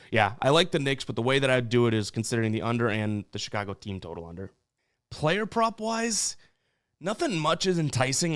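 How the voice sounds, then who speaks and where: A man's voice: on the low side, smooth. A young man hosting a sports betting show, casually talking through picks with loose fillers and restarts.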